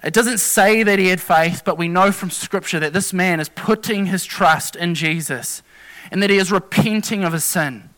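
An earnest male preacher with a high, bright, ringing voice. He talks through scripture in a plain, personal way, stumbling and restarting mid-phrase as he explains each point. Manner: earnest, halting with restarts and self-corrections. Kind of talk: sermon.

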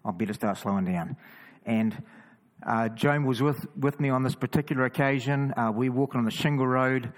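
Kiwi man, mid-pitched, casual testimony storyteller, stumbles and restarts, animated delivery. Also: normal speed, rough recording. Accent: New Zealand. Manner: lively, stumbling restarts, chatty asides. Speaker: cross-carrying Christian walker.

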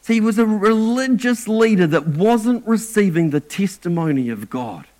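High-voiced man preaching with stammered restarts. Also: lively intonation, normal speed, darkish tone. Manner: earnest, stammering restarts and repeated words. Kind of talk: sermon.

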